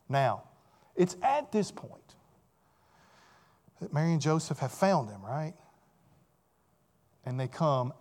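A man's voice: on the high side, darkish tone. A man preaching a sermon in a conversational, emphatic way, often asking the listeners rhetorical questions.

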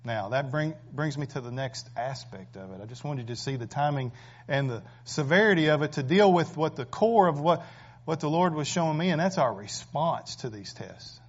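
A man's voice: fairly high pitch, lively intonation, moderate pace. A man preaching a sermon, emphatic and full of rhetorical questions. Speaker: pastor. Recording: dull lo-fi recording.

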